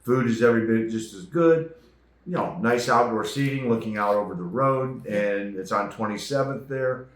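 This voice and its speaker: Low-voiced man chatting in an echoey room. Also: normal speed. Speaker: host. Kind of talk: casual chat reviewing restaurants.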